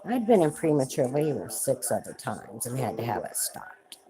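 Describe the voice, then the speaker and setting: A woman's voice: extremely low pitch, big pitch swings, moderate pace, over music, low-quality recording. A woman hosting a casual livestream, telling family stories in a chatty way and greeting viewers as they join. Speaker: livestream host.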